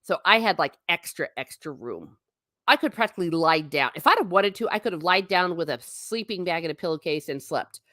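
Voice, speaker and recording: A woman's voice: on the low side, expressive, a little fast, bright, forceful tone, no room sound. A woman hosting a casual live stream, chatting irreverently with her viewers, laughing often and swearing mildly. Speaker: vlogger reading live chat.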